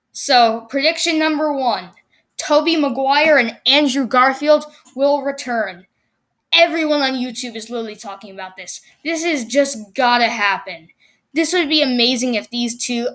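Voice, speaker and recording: A woman hosting her own vlog channel, talking excitedly about movie predictions and often stumbling and restarting her sentences. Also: high voice. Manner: excitable, rambling with many restarts. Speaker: YouTube channel host.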